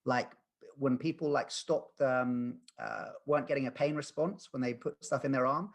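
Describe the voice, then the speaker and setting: Guest, male, 30s: husky voice, earnest and rambling storyteller. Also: mid-range voice, normal speed. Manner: earnest, rambling, many fillers and restarts. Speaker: guest, lucid dreaming practitioner. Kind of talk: podcast conversation, storytelling.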